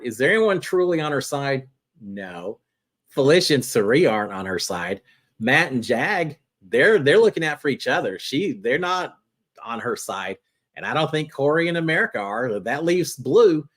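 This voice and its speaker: Male host, live fan-chat show, conversational, pitch jumps around a lot, middle register. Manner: chatty and animated, jumping between topics. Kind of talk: casual live chat answering viewer questions.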